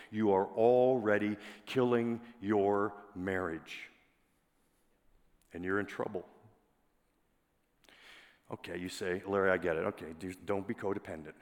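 In a hall full of reverb, a low-voiced male pastor preaches a sermon. He keeps it conversational and often asks the congregation questions.

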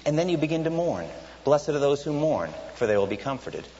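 A man's voice: a little high, big pitch swings, fairly quick, dark tone. A man preaching a sermon, building to emphatic repeated lines and asking the congregation questions. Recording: dull, reverberant hall recording.

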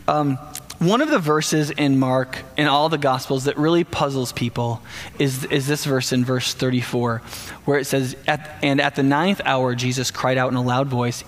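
A man preaching a sermon in a conversational, animated way, speaking directly to the congregation. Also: medium pitch. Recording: long hall reverb.

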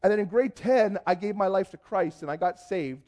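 Animated man telling a story. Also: sits high, a little fast. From Canada. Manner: lively, acts out dialogue, frequent restarts and repeated words. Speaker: speaker giving a personal testimony.

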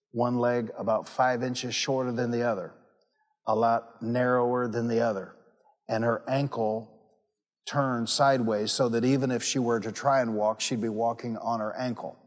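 A man's voice: medium pitch, in a large hall. A man preaching a sermon to his congregation. He tells stories and repeats phrases for emphasis. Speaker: pastor.

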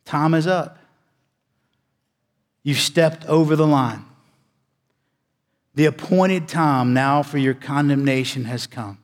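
Man preaching in a reverberant church hall. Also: fairly even intonation. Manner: preaching with dramatic pauses, swings between loud emphasis and hushed low delivery. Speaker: pastor. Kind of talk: sermon.

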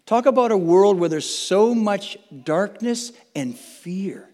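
A high-pitched male pastor gives an earnest, chatty sermon, circling back on his phrases and checking in with listeners. His voice rings out with a long reverb tail from a big church sanctuary. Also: takes it slowly, warm tone. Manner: earnest, chatty, with frequent restarts and tag questions. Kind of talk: conversational sermon. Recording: long reverb from a large hall.

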